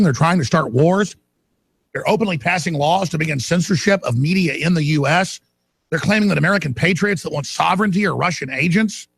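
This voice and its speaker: A male talk radio host tears into a heated monologue and lets it climb into shouts. His voice sits high and gravelly with a husky edge. The sound is close and dry, with no room around it. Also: dry recording. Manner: ranting, fiery, shouts at peaks.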